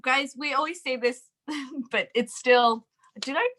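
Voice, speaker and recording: A woman leading a sales team, giving an energetic, emphatic motivational talk with frequent laughs. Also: high-pitched, measured pace. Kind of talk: casual motivational chat.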